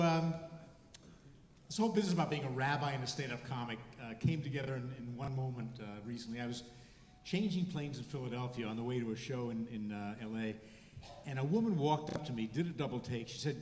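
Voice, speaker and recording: Man, seventies, stand-up comic, deadpan, halting restarts, echoey hall. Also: mid-range voice. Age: 70s. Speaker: stand-up comedian and rabbi. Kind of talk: stand-up comedy set. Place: hall before a live audience. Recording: echoey hall, faint noise.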